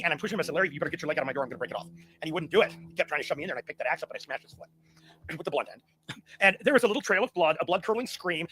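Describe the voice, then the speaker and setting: A man's voice: on the high side, fairly bright tone, breathy edge. A middle-aged man telling a long story in a casual, rambling way, with restarts and laughs at his own tale. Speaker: guest.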